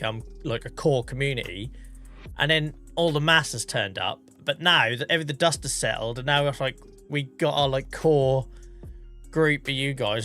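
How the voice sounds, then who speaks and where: A man's voice: mid-range voice, a bit bright. A man in his thirties, a streamer, chatting casually with his viewers, a bit out of breath, greeting people by name and swearing now and then. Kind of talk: casual live-stream chat.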